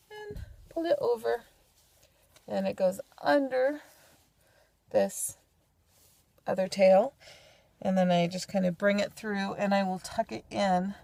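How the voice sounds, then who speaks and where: Chatty woman with a gravelly edge. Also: mid-range voice, a little mellow, no echo. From California. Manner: chatty, homey, playful asides. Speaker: vlogger demonstrating head covering. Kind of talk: casual how-to tutorial.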